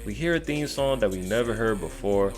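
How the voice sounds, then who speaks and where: Low-voiced man recapping wrestling. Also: fairly quick, faint music behind. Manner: animated, playfully mimics wrestlers in quotes. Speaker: wrestling show reviewer. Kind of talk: casual recap commentary.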